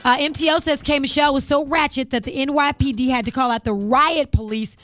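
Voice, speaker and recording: A woman reporter running an entertainment news segment on a morning radio show, brisk and chatty. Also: high-pitched, fairly even intonation, fairly bright tone, no room sound. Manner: brisk, chatty delivery of headlines.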